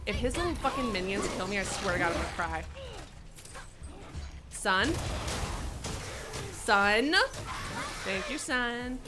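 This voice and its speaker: A woman streamer giving live gameplay commentary, excitable and swearing freely as she reacts loudly. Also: medium pitch, slow, pauses often. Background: game music.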